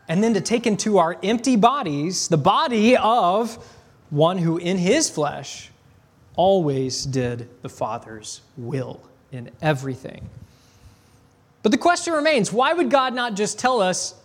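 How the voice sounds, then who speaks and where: A man preaching a sermon, reading scripture aloud and asking rhetorical questions, slowing down to stress key phrases. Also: high-pitched. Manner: rhetorical questions, conversational asides.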